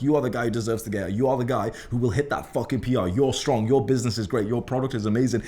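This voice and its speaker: A man's voice: medium pitch, a little mellow. A young man with a Liverpool accent giving a brash, profane motivational monologue to camera, swearing constantly and emphatically. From England. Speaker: self-improvement creator.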